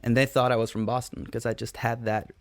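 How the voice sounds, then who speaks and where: A man's voice: mid-range voice, little pitch movement, fairly quick, dry recording. A man from Norway with a Norwegian accent, casually telling a story in conversation. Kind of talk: casual chat.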